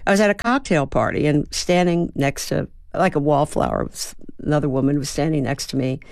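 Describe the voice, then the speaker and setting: Woman, 70s, low voice, thoughtful storyteller, dry booth sound. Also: sing-song, a little fast, gravelly, darkish tone, no echo. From Baltimore, USA. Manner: thoughtful storyteller who sounds out rhythms aloud. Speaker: interview guest, actor and playwright. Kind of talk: reflective radio interview answers.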